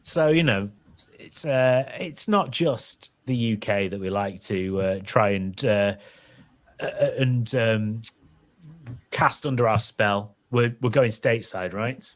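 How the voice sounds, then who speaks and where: A man's voice: lowish voice, slow pace. A middle-aged man with a Yorkshire accent, co-hosting a casual chat show and laughing often. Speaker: podcast co-host.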